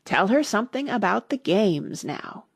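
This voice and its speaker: A woman's voice: medium pitch, big pitch swings, a little slow, breathy edge, no echo, studio quality, pitched above the performer's own voice, full character voice. A woman voicing a bossy male griffin who talks in a decided, interrupting way, in a storybook reading. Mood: brisk.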